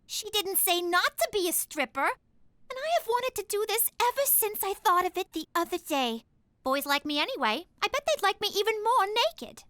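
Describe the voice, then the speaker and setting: A woman's voice: very high-pitched, expressive, moderate pace, bright, forceful tone, no echo, full character voice. Whiny spoiled cartoon teen girl. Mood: bratty. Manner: whiny, bratty, swings between pouting and gushing. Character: spoiled teenage daughter Teresa, whiny and dramatic.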